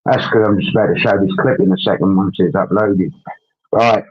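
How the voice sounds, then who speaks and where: Rambling low-voiced man on dull stream audio. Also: brisk. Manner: rambling, adds tag questions, talks through tasks. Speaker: livestream host. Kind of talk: casual livestream chat.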